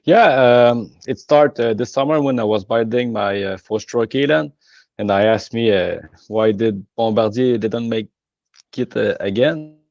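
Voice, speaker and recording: A man from Quebec with a Québécois French accent, speaking English hesitantly with many pauses as an interview guest. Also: mid-range voice, darkish tone, no echo, muffled recording. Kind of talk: casual interview.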